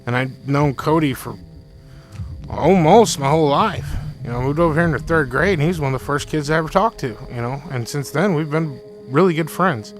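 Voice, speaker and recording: A man's voice: a little high, a little fast, rough recording. A young man telling a frightening personal story in casual talk, rambling and repeating himself, with faint music behind. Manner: rambling, repeats himself, quotes friend in excited bursts.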